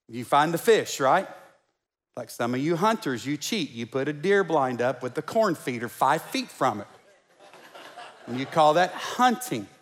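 A man pastor preaching a sermon in a conversational way, stumbling over repeated words and joking with the congregation, in a church sanctuary. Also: fairly high pitch. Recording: long church-hall reverb.

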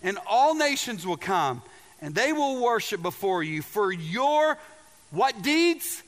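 High-voiced man preaching in a reverberant hall. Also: sing-song, slow pace, fairly bright tone. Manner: emphatic preaching with repeated words and questions to the audience. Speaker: pastor. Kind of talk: sermon.

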